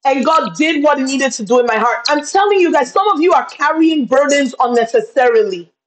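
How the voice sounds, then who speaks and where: A woman's voice: sits high, expressive, a little fast, slight background noise, rough recording. A woman business coach live-streaming on webcam, speaking with impassioned, preacher-like fervor and calling her viewers y'all. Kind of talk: live-streamed motivational talk. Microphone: video call webcam.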